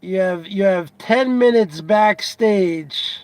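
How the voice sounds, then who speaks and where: Guy with a pretty high voice hosting a goofy talk show, drags out his questions, dry sound. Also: no echo. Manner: repetitive, teasing, drawn-out questions. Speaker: host. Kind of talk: casual comedic talk show.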